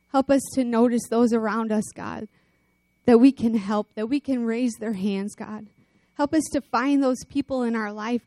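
A woman's voice: fairly high pitch, no echo. A woman preaching a sermon, telling stories with energy and rallying her listeners before closing in prayer. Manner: animated storytelling, rallying calls.

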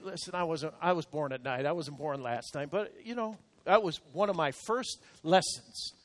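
High-voiced preaching man. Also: normal speed, hardly any pauses. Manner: emphatic preaching, counting points aloud. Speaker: pastor. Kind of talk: sermon. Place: church service.

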